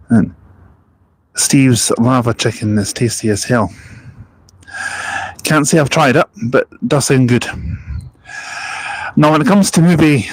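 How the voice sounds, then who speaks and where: A man's voice: medium pitch, no room sound, poor audio. A Scottish man chatting casually on a bus-spotting live stream, reading out viewer comments in a jokey, rambling way. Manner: jokey, rambling, laughs at his own stories.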